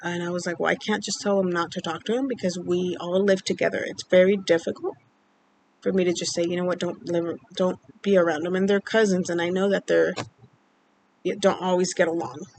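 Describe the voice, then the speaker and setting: A woman vlogger casually telling a personal story, rambling and halting with many fillers, sounding upset and emotional. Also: lowish voice, fairly even intonation, a little mellow, a little hiss or hum, rough recording. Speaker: vlogger keeping a mood journal.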